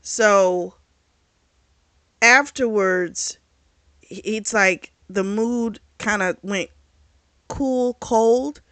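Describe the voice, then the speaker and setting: A woman's voice: mid-range voice, extremely slow, long pauses, a bit bright, no echo. A woman reviewing a book, casually retelling its plot in a candid, rambling way with frequent fillers and self-corrections. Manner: candid and chatty, frank about explicit scenes.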